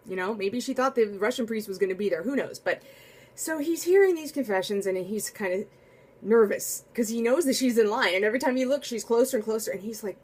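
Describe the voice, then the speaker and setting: A woman telling a casual spoken anecdote in a chatty, animated way, full of asides and restarts. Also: a little high, brisk, breathy edge. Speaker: storyteller.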